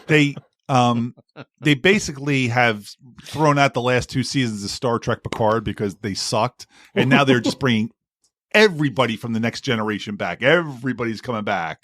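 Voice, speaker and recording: A man in casual podcast chat, joking as he talks over the others. His voice sits at an ordinary middle pitch. The sound is dry and close. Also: normal speed, fairly bright tone, no echo. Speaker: podcast co-host.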